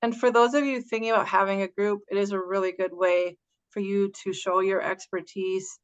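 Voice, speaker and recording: A woman's voice: medium pitch, fairly even intonation, brisk, clean tone, highs cut off. A woman presenting on an online webinar, speaking hesitantly with many fillers and restarts over a video call. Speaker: guest presenter.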